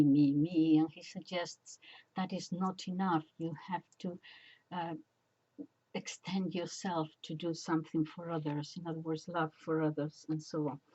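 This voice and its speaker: An older woman talks slowly through her thoughts on faith, pausing often with ums. Her voice is low, mellow and a little husky. The recording sounds dull and lo-fi. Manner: hesitant, many ums, slow and reflective. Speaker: catholic commentator. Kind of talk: casual religious commentary.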